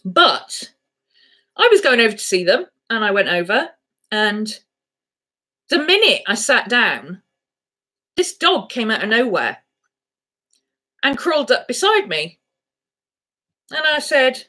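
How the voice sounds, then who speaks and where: A woman's voice: fairly high pitch, very animated, takes it slowly, pauses often, sharp tone. A woman vlogger chatting casually to camera, rambling through a story and cooing baby talk at her dogs.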